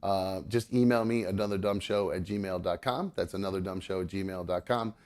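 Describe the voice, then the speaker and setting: A man's voice: low-pitched, moderate pace, a little mellow. A man co-hosting a podcast from home, talking in a rambling, casual way full of ums and uhs. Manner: rambling, many ums and uhs, laughs easily. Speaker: podcast co-host. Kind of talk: casual chat. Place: home with pets around.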